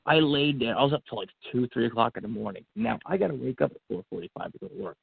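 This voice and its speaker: Man, gravelly husky voice, lively swinging pitch, animated storytelling, narrow phone-like sound. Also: fast talker. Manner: animated, acts out quotes, frequent fillers and restarts. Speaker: podcast guest. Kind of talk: emotional personal storytelling. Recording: phone-like narrow band audio.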